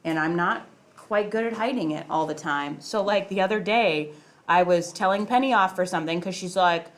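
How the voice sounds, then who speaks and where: A woman's voice: fairly low pitch, normal speed. A woman math teacher in a classroom, chatting with students and acting out stories about her young kids. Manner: chatty, animated storytelling, acts out her kids' lines. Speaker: high school math teacher. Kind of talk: classroom teaching with personal anecdotes.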